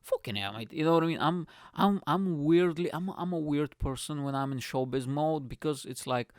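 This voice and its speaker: A man's voice: fairly high pitch, normal speed, clear, resonant tone, no echo, studio quality. A man hosting his comedy podcast, ranting energetically and crudely with lots of restarts.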